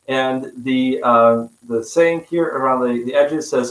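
A man giving a history lecture, his voice at a middling pitch and carried by a roomy, echoing space. He talks haltingly, full of "uh" and restarts, and adds wry, self-deprecating remarks as he goes. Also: fairly bright tone. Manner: halting, many fillers and restarts; wry, self-mocking asides. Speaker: history presenter. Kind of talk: public history lecture with slides.

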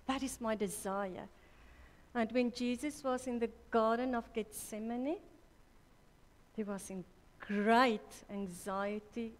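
Slow-preaching woman in a hall. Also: mid-range voice. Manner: slow, deliberate preaching with restarts and self-corrections. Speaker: conference speaker. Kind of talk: sermon. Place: church hall. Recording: reverberant church hall.

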